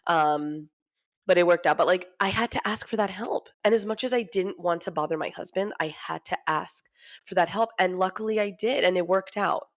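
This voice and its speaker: A woman's voice: on the low side, moderate pace. A woman in her thirties hosting a casual podcast, chatty and candid, often laughing as she talks. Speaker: podcast host. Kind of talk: casual chat.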